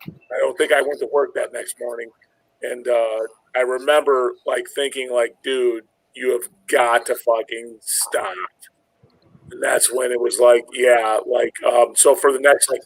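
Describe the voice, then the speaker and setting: A man's voice: mid-range voice, a bit bright, dry recording, poor audio. A man, probably in his forties, casually telling a long personal story, rambling and swearing and acting out the other voices in it. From Illinois, USA. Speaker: podcast host.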